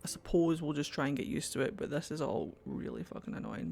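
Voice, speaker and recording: A woman's voice: low voice, very animated, a little fast, vocal fry, a little mellow, slight background noise. A woman streaming a video game, chatting playfully to herself and her viewers, swearing freely and breaking into silly voices. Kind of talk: casual let's-play commentary.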